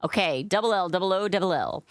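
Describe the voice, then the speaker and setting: A woman's voice: lowish voice, expressive, fast talker, no room sound, studio quality. A woman hosting a casual live stream as a balloon artist, chatty and upbeat with frequent fillers.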